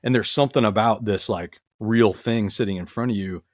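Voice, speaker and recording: A man with a lowish voice talks casually on a podcast. He tells stories in an earnest, rambling way, full of restarts and fillers. The sound is close and dry, with no room around it. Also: fairly quick, dry recording. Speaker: podcast guest, retired military medic. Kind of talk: casual conversational storytelling.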